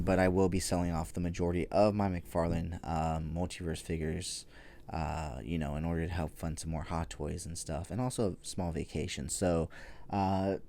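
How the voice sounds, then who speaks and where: A man's voice: deep voice, darkish tone. A man hosting a toy news podcast, chatting casually and rambling with frequent fillers and casual swearing. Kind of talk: casual solo podcast chat.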